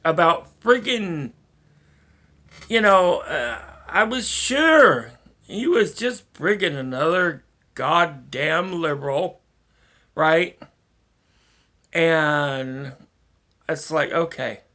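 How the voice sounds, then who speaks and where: A man talks alone to camera, drifting from point to point with frequent cursing and little laughs. His delivery is unhurried and drawn out, with a bright tone and a pitch that swings widely. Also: expressive. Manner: rambling, profane, chuckling to himself. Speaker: vlogger. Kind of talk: rambling solo monologue.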